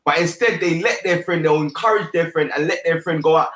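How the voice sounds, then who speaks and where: A man's voice: high voice, a little fast, few pauses, fairly bright tone, roomy sound, rough recording. A man hosting an online panel, persuading a guest in streetwise slang and repeating his points. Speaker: host.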